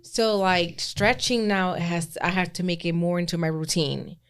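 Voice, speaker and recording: A woman in her thirties co-hosting a podcast, telling stories in a casual, animated way with frequent laughter. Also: lowish voice, moderate pace, smooth. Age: 30s. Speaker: podcast co-host. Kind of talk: casual chat.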